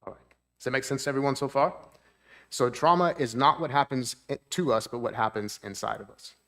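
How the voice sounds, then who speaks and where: Guy giving a trauma talk at church, explains simply, asks the room if they follow, middle pitch. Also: a little fast, a bit bright. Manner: explains plainly, checks in with the audience; voice lifts to act out moods. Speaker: therapist. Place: church hall with audience.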